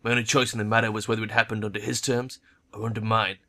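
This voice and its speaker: A man's voice: lowish voice, flat delivery, fast talker, pushed and bright. A man voicing a blunt, stern female troll ex-soldier in a game, with curt, clipped, unsentimental lines.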